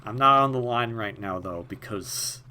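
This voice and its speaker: A man's voice: on the low side, normal speed, bright, forceful tone, slight background noise. A man giving casual, rambling commentary over a video game, joking and drifting into tangents and mumbled asides. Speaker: gaming video host. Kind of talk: casual let's-play commentary.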